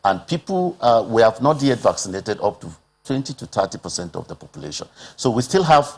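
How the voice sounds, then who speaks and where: A man's voice: mid-range voice, sing-song, fairly quick, vocal fry. A man with a Nigerian accent speaking as a public health expert on a TV panel, earnest and full of rhetorical questions, with frequent "uh" fillers. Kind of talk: TV panel discussion.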